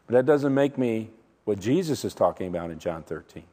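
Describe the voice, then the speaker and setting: A man preaching a sermon, emphatic and dramatic, swinging from loud declarations to hushed, slow words. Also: fairly low pitch, expressive. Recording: long hall reverb.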